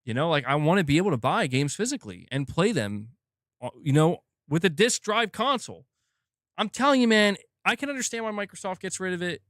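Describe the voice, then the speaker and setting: A man's voice: sits high, animated, fairly quick, a bit bright, no room sound, clean studio sound. A man hosting a gaming news stream, ranting casually and with exasperation, swearing and rambling.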